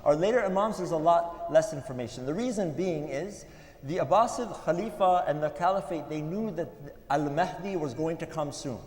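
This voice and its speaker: A man giving a sermon at a religious gathering, telling stories in an earnest way with pauses. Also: on the high side, lively intonation, darkish tone. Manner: earnest, storytelling with pauses, some restarts. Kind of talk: sermon storytelling. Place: mosque hall. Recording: echoey hall with long reverb.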